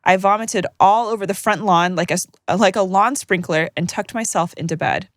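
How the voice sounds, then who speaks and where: A woman co-hosting a podcast, reading listener stories aloud with joking, animated banter. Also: medium pitch, fairly quick, no room sound, clean studio sound. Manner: animated, joking, laughs mid-sentence. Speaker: podcast co-host.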